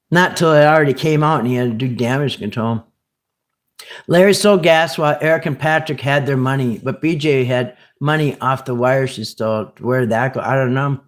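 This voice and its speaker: A man hosting a live stream, talking casually in a rambling, animated way and answering viewers' comments by name. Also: mid-range voice. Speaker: channel host reading live chat.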